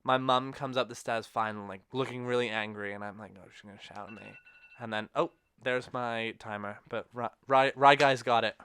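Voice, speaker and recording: A man hosts a casual podcast chat, his voice smooth and clean. He rambles through his stories and corrects himself as he goes. The sound is close and dry, with no room around it. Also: medium pitch, fairly even intonation, normal speed, hardly any pauses, a bit bright, dry recording. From England. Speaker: podcast host.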